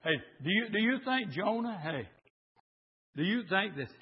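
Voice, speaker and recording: A man preaching a sermon, building into shouted, hoarse bursts. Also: high-pitched, animated, moderate pace. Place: church with congregation. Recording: lo-fi recording in an echoey church.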